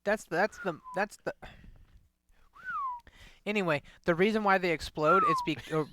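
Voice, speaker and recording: A man's voice: sits high, huge pitch swings, moderate pace, noisy background. A man in casual, profane podcast chat, blunt and opinionated, often restarting his sentences.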